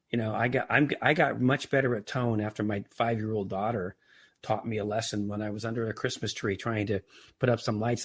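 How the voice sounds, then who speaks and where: A man's voice: fairly low pitch, breathy edge. A man as a podcast guest, talking earnestly and telling anecdotes in a conversational interview. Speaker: podcast guest, entrepreneur and author.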